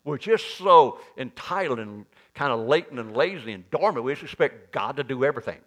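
A man preaching a sermon in church, animated, with sudden loud, higher bursts. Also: fairly quick, highs cut off. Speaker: pastor.

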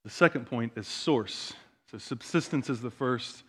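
A man pastor preaching a sermon in a church, moving between quiet, slow asides and loud, emphatic declarations. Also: medium pitch, husky. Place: church sanctuary.

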